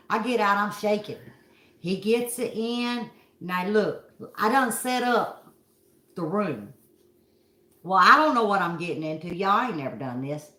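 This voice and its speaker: A woman's voice: mid-range voice, expressive, unhurried, bright, forceful tone, roomy sound. A middle-aged woman from Kentucky with a Southern accent, telling a story to her viewers in a folksy, dramatic way. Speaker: vlog host.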